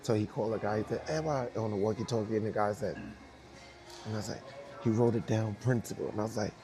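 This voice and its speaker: A New York man with a lowish voice tells a story from his dance career in a casual interview, speaking quickly over background music. He's animated, acts out the voices of people in the story and laughs often.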